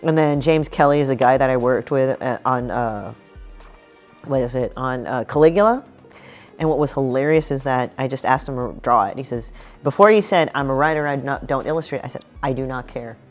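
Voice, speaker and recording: A very deep-voiced woman talks briskly over faint background music. As a comic artist chatting about her book, she's blunt and foul-mouthed and likes to act out other people's quotes in different voices.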